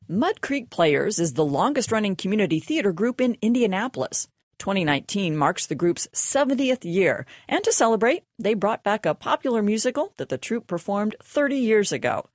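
A woman radio host reading a scripted introduction in a measured announcer delivery. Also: mid-range voice, sing-song, dry recording, clean studio sound.

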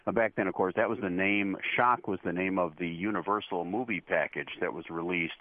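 Deep-voiced man on a thin phone line. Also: fairly quick. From Chicago area. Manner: relaxed storytelling, self-deprecating. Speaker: horror show host. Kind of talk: interview answers.

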